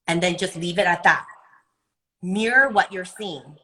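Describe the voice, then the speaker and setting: A woman giving wellness advice in a live video-call interview, earnest and animated, sometimes acting out other people's voices. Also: fairly low pitch, measured pace, low-quality recording. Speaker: wellness guest.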